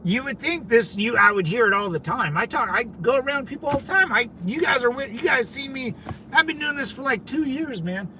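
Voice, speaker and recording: A man's voice: very high voice, animated, a little fast, bright, forceful tone, slight background noise. A man from California hosting a casual livestream, rambling conversationally and talking back to his viewers, with lots of "man" and "dude". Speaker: livestream host.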